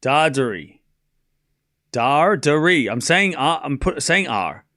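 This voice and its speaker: An Australian man hosting a live tennis watchalong stream, joking with his chat, practising player names out loud and calling the points. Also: medium pitch, big pitch swings, unhurried. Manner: playful and joking, reads chat aloud, repeats player names to practise them.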